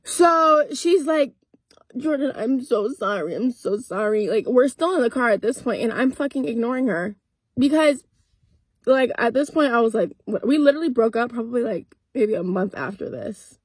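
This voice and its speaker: A woman's voice: a little high, normal speed, breathy edge, no echo. Young woman telling a blunt storytime. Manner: blunt, profane, animated retelling with quoted dialogue. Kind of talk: casual storytime vlog. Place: parked car.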